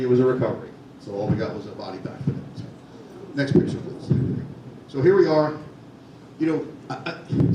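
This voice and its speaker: An older man, a former Secret Service agent, telling chatty stories to a meeting and laughing through them. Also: mid-range voice. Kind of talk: anecdotal talk to a meeting. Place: meeting room. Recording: echoey room, distant mic, noisy.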